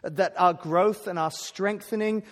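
A man's voice: high-pitched, measured pace. A man preaching a sermon at a conference, earnest and emphatic, often stumbling over and restarting his words. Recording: long hall reverb.

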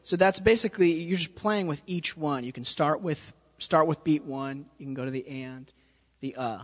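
A man's voice: on the high side, moderate pace. A man giving a casual, hands-on drum lesson, often stopping to ask if the student follows. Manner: casual, checks understanding with frequent "okay?". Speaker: drum teacher. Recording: reverberant room with drums playing.

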